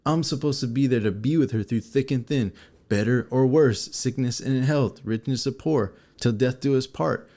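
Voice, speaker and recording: A man co-hosting a casual show, telling a personal story to viewers in an animated way and acting out scenes. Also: mid-range voice, normal speed. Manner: animated, acts out scenes and quotes. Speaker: co-host.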